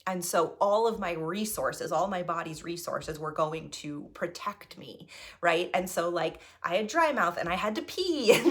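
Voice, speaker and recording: Chatty woman with a slightly low voice. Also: measured pace. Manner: chatty, keeps asking "right?" between thoughts; animated, voice jumps when reliving nerves. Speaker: improviser and solo stage performer. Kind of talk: personal storytelling monologue.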